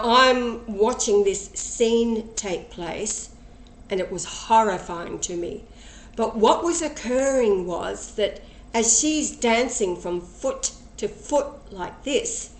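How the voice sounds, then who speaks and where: A woman slowly retelling a personal experience, acting out the dialogue and getting emotional as she goes. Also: medium pitch. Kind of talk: personal storytelling. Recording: echoey room with faint ambient noise.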